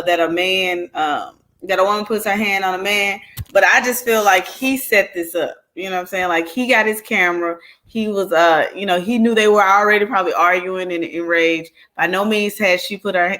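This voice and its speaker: A woman's voice: mid-range voice, fairly bright tone. A woman hosting her own channel, commenting casually on clips she plays. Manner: chatty, reacting to clips. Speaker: channel host.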